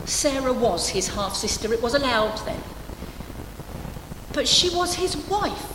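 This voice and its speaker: A woman's voice: a little high, very animated, a little slow, noisy background. A woman preaching a sermon to her church, conversational and humorous, with dry asides. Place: church hall. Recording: echoey church hall, faint ambience.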